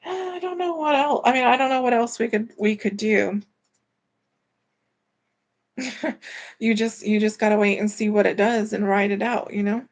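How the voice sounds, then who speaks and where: A woman's voice: medium pitch, flat delivery, normal speed, long pauses. A woman hosting a casual live stream from home, chatting in a rambling way and reading viewer comments aloud. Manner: rambling and chatty, with many fillers. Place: at home, indoors.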